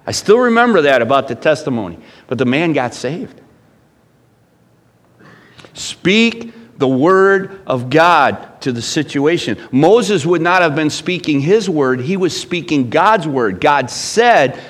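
A middle-aged male pastor delivering a sermon in a fairly high voice. He preaches emphatically, rising into loud bursts and then dropping to hushed lines. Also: animated, unhurried.

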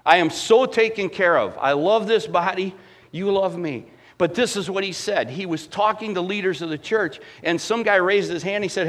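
A man delivers a sermon from the pulpit in a fairly high voice. He preaches with animated emphasis, building to loud peaks and then dropping low and quiet to drive a point home. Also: moderate pace. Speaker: pastor.

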